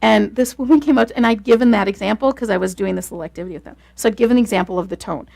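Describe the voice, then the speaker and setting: A woman leading a class on marriage communication, talking fast and telling stories in a lively, casual way. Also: medium pitch, creaky. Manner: fast-talking, animated storytelling.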